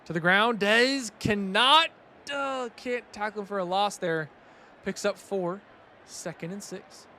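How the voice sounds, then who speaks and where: A young man calling a football video game with a high, bright voice that jumps up loud on big plays. Between plays he chats with his viewers in a casual, excitable way. Faint noise sits behind him. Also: a little slow. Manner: excitable, rising loud on big plays, chatty asides to chat. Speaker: stream commentator. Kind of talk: casual play-by-play commentary.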